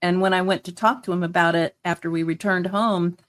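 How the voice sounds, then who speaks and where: A woman's voice: fairly low pitch, fairly even intonation, brisk, fairly bright tone. A woman guest in a casual interview, talking earnestly and enthusiastically with many fillers. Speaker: guest, hypnotherapist.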